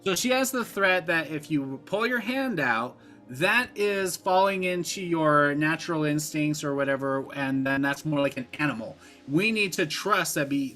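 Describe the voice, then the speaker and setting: A man co-hosting a casual film podcast, animated and acting out scenes with little voices as he talks. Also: a little high. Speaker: podcast co-host. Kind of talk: casual movie discussion.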